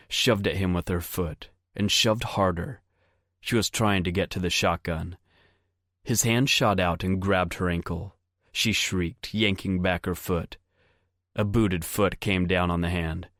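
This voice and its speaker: Audiobook narrator: low, unhurried, measured man, dry studio read. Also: no echo. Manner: steady, measured reading. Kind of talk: scripted narration.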